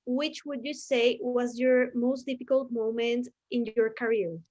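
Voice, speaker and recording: A woman's voice: on the high side, fairly even intonation, unhurried, darkish tone, highs cut off. A woman hosting a casual interview, reacting often and laughing along. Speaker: interview host.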